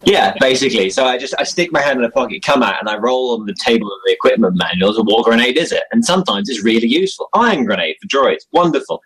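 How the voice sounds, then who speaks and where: A man's voice: medium pitch, animated, fast, few pauses, a bit bright, husky, rough recording. A young man chatting casually as an interview guest about his role-playing game character, rambling and self-deprecating with frequent chuckles. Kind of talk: casual chat.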